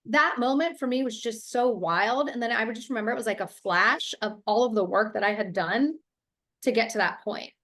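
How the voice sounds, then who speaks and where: A woman's voice: on the high side, fairly quick, fairly bright tone. A woman from Ohio, a business coach, telling her story in an interview over a video call with energy and fluency. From Ohio, USA.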